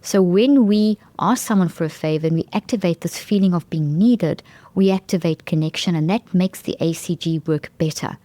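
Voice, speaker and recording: A woman's voice: on the low side, normal speed, warm tone, dry recording. A woman hosting a talk show, explaining brain science in an enthusiastic, emphatic way and often restarting phrases mid-sentence. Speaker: podcast host.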